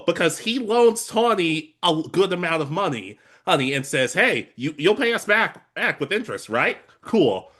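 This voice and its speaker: A man co-hosting a casual review podcast, ranting in an exasperated, animated way. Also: on the high side. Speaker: podcast co-host.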